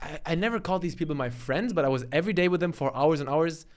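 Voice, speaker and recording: Young male host, rambling and fairly high. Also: expressive, fast. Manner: rambling, restarting sentences, swearing freely. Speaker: podcast host. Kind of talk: casual podcast chat.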